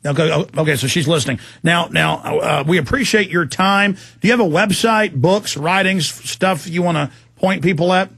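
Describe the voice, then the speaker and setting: A man's voice: a little high, normal speed, gravelly, hardly any pauses, fairly bright tone, dry recording. A man hosting a talk radio interview, speaking intensely and emphatically as he warns his guest. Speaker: radio show host.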